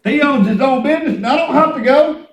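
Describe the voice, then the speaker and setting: High-voiced preacher, echoey room. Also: male voice, fast talker, recorded from a distance. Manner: folksy, emphatic, repeats himself. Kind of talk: sermon.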